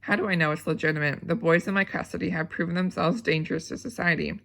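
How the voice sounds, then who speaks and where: A woman's voice: lowish voice, fairly even intonation, fast talker, vocal fry, a bit bright. A woman voicing a cold, scheming woman camp warden who speaks curtly and defensively.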